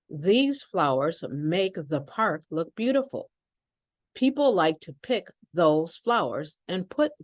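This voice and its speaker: Slow, carefully enunciating woman teacher. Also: on the low side, no echo, studio quality. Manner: slow, deliberate over-enunciation. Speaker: accent and pronunciation teacher. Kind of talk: pronunciation lesson with repeat-after-me drills.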